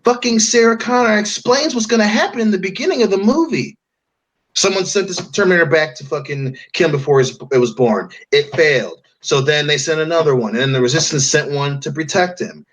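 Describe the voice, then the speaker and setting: Profane ranting man, slightly high voice. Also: brisk, a bit bright. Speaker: podcast co-host. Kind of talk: casual podcast chat.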